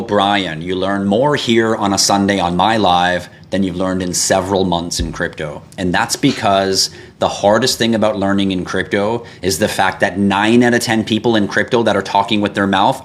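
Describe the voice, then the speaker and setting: Male livestream host, lower voice, blunt and profane, answers viewer questions off the cuff. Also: moderate pace, hardly any pauses. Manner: blunt and profane, gets irritated and animated. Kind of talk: casual livestream chat reading comments.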